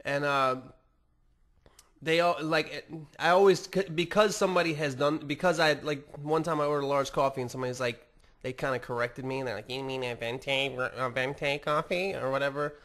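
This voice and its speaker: A man's voice: a little high, steady tone, fairly quick, fairly bright tone. Rambling, cursing man on a podcast. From United States. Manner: rambling, swears a lot, self-mocking. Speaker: podcast host. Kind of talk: casual profane monologue.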